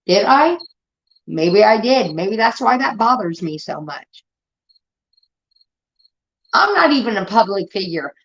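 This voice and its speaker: A woman's voice: medium pitch, lively intonation, unhurried, long pauses. A woman from Indiana hosting a livestream, ranting heatedly and swearing a lot in casual talk. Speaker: livestream host. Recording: dull lo-fi stream audio.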